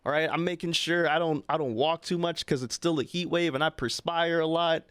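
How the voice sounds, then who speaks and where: A young man, co-hosting a podcast and telling a long personal story in a loose, animated way, often checking in with his co-host. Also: on the high side, brisk, clean tone, dry recording. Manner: animated, chatty, frequent "right?" asides to his co-host. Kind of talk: casual storytelling chat.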